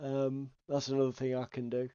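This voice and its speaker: A man's voice: medium pitch, monotone, fairly quick, dark tone, smooth, dry recording. A man co-hosting a casual podcast chat, reading out viewer comments and swearing freely. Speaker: podcast co-host. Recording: dull, slightly lo-fi sound.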